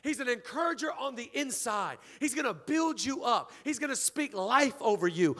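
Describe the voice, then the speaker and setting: A man, the church's pastor, preaching a lively, joking sermon and calling out to his congregation. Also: extremely high pitch, normal speed, few pauses. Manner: energetic, joking, calls out to the congregation.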